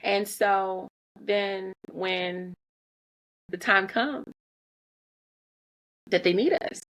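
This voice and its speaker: A woman's voice: mid-range voice, drawn-out words, fairly bright tone. Earnest self-critical mother talking candidly. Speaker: mother sharing parenting reflections. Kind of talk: candid personal talk.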